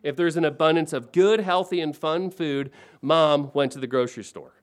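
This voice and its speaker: A man in his forties preaching a sermon, swinging between hushed and emphatic lines and building on repeated phrases. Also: a little high, moderate pace. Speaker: pastor.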